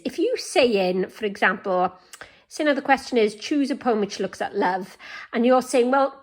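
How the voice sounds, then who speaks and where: A woman teaching a recorded lesson on essay writing, her voice carrying a noticeable gravelly fry. She talks in a chatty, think-aloud way, often breaking off and restarting her sentences. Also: medium pitch. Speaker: English teacher.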